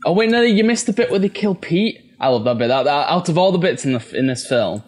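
A man's voice: a little high, lively intonation, fast talker, a little mellow. A young man co-hosting a film podcast, telling a casual story with eager energy and casual swearing. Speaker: podcast co-host.

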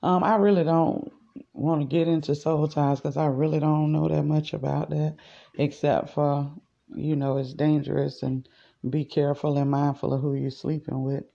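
A woman's voice: low voice, level tone, normal speed, creaky, warm tone, dull audio. A woman hosting a podcast, rambling in a chatty, casual way as she speaks straight to her listeners. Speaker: podcast host. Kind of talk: casual spiritual monologue.

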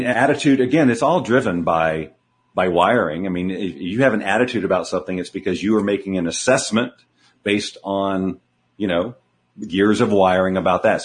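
A man speaking as a guest in an interview, coaching earnestly with emphatic rhetorical questions. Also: low voice. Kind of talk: conversational coaching talk.

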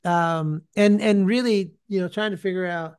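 A man's voice: high voice, fairly even intonation, normal speed, darkish tone, clear, resonant tone. A man who hosts a faith podcast and preaches, telling a story in conversation and acting out the people he quotes.

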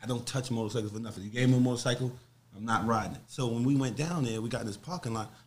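Fast-talking New York man telling stories. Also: medium pitch. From Harlem, New York. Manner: animated, profane, rambling storyteller. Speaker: podcast guest. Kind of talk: casual storytelling chat.

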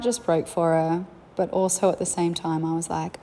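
A woman's voice: on the low side, little pitch movement, moderate pace, hardly any pauses, warm tone, a little hiss or hum. A young woman, a mother, telling candid, reflective stories about family life in a chatty way. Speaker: parent sharing family life. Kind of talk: casual storytelling.

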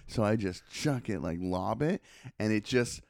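Animated, lively-voiced casual man. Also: fairly low pitch, unhurried, gravelly, dry recording. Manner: animated storyteller, acts out voices. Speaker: podcast co-host. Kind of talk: casual chat.

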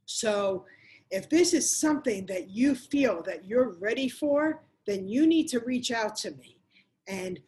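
A woman's voice: fairly high pitch, expressive, unhurried, a little mellow, low-quality recording. Emphatic middle-aged woman coach. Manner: emphatic, repeats phrases for effect. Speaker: motivational coach. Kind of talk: motivational talk to viewers.

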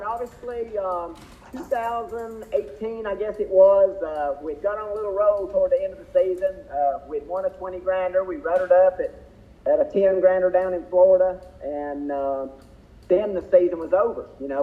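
A man's voice: high voice, steady tone. A man, a drag racer, telling racing stories in a folksy, rambling way as an interview guest. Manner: folksy, drawn-out storytelling with fillers. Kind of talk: casual storytelling interview. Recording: tinny phone-like line.

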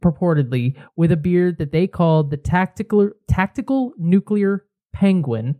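A man co-hosting a podcast in casual chat, rambling and excitable, with frequent restarts. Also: high-pitched, moderate pace, narrow, tinny audio. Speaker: podcast co-host.

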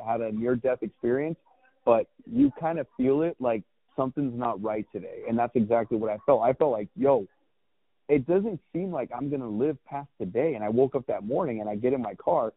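A guest in his thirties who founded a clothing brand tells a personal story in a mid-range voice. He's candid and rambling, restarting often and swearing, and the recording sounds tinny and phone-like, dry with no room sound.

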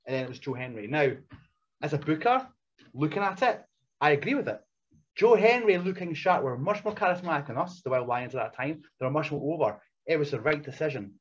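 A man in his thirties, a professional wrestler, telling anecdotes in a casual interview, animated and blunt with frequent laughter. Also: on the high side, a little fast, breathy edge. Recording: dull lo-fi recording.

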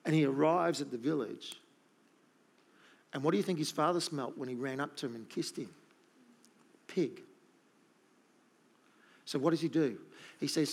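A man's voice: on the high side, normal speed, gravelly, long pauses. A middle-aged man preaching a sermon, emphatic and repeating his key points. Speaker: pastor.

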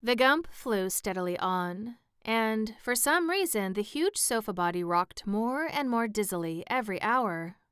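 A woman reads a storybook aloud in a steady, even manner. Her voice is very smooth and resonant at a middle pitch, and the recording is dry and close. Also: unhurried, hardly any pauses, dry recording. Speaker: audiobook narrator. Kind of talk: scripted narration.

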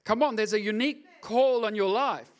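A middle-aged man preaching a lively, joking sermon as pastor, often acting out voices in his stories. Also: high voice, normal speed. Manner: animated, jokey, acts out voices.

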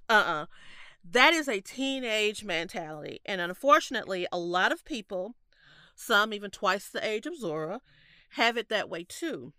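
A woman in her thirties, congested and stuffy-nosed, chatting casually as a podcast co-host with lively storytelling and frequent laughs. Her voice is bright, smooth and clear, close and dry with no room sound. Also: medium pitch, normal speed, dry recording. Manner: laughs often, animated storytelling. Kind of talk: casual chat.

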